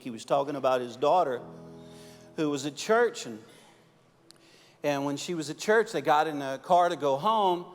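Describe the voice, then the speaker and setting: A male pastor delivers a sermon with a fairly high voice, climbing to loud emphatic peaks and then dropping low and soft. The church hall adds a long reverb, and faint instrumental music plays underneath. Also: moderate pace. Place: church auditorium.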